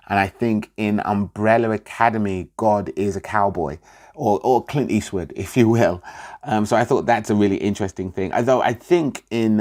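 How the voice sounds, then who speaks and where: A man's voice: on the low side, darkish tone. A middle-aged man casually reviewing a comic book, rambling with many fillers and restarts.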